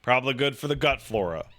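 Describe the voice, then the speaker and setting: A man chatting casually, rambling and swearing, packing his talk with "like" and acting out the voices in his stories. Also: mid-range voice. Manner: profane, rambling, animated storytelling with acted-out quotes; filler-heavy, says "like" constantly. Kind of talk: casual chat.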